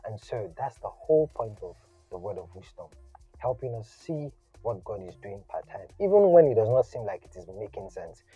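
Man, casual sermon, conversational, mellow tone, dry close sound, lo-fi recording. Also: on the low side, moderate pace, breathy edge, no room sound. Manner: conversational, animated, slangy asides. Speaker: preacher. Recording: dull lo-fi audio, faint music.

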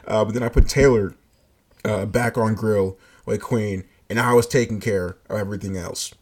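A man telling a workplace story in a casual, animated way, swearing and laughing as he goes. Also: fairly low pitch, moderate pace. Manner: animated, profane, laughing asides. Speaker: fast-food shift lead.

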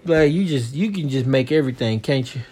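A man's voice: mid-range voice, animated, a little fast, darkish tone, slightly rough. A man chatting casually with his child, teasing and joking in a loose, slangy way. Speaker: parent.

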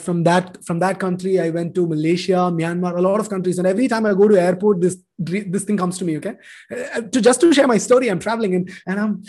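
A man's voice: high-pitched, darkish tone. A man in his thirties from India, telling his life testimony with emotion and acting out dialogue. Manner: emotional storytelling, acts out dialogue. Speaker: speaker sharing testimony. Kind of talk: personal testimony talk.

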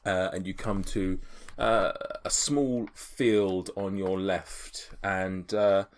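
A man's voice: low voice, steady tone, slow pace. A man narrating a tabletop game as game master, with lots of hesitant fillers.

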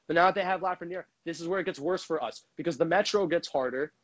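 A man's voice: a little high, fast talker, fairly bright tone, poor audio. A man delivering a heated, profane sports rant as a frustrated hockey fan, speaking into a microphone. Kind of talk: ranting sports commentary.

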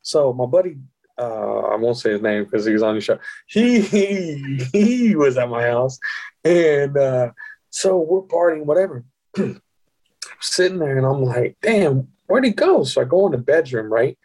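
Man, husky voice, very lively pitch, casual podcast storytelling, profane and laughing. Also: measured pace. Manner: animated, profane, laughing as he tells stories. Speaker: guest.

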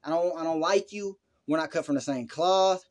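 A man's voice: on the high side, normal speed. Brash profane Southern man on a podcast. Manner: brash, profane, boastful hustle talk. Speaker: podcast co-host. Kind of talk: casual podcast chat.

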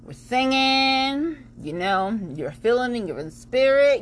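A woman hosting her own podcast, ranting bluntly and profanely, swinging between loud outbursts and low muttering. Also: big pitch swings, slow, slight background noise. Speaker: podcast host. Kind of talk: unscripted solo podcast rant.

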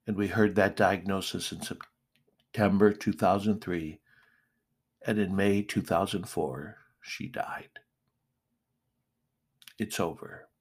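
A middle-aged male pastor preaching a sermon, slow and deliberate with emphatic pauses. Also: low voice, fairly even intonation, slightly rough.

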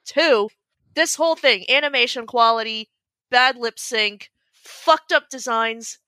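A woman gives blunt, snarky commentary on a comedy review podcast, swearing casually. Her voice is bright and fairly high. It is recorded dry and close. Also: unhurried, dry recording. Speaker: podcast co-host.

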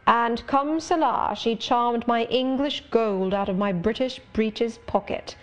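A woman reading the part of a brooding, sardonic middle-aged gentleman in an audiobook, speaking in a measured, wry, confiding way. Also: fairly high pitch. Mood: rueful.

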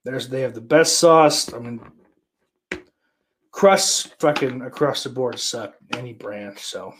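A man's voice: mid-range voice, slow. A man hosting a casual live stream, reading viewer comments and answering them in a crude, sarcastic, rambling way with lots of swearing. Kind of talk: casual profane chat.

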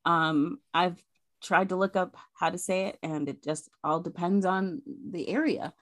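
Chatty woman podcast co-host, low voice. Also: fairly even intonation, unhurried, a bit bright, dry recording. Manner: chatty, laughs often, many fillers. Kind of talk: casual chat.

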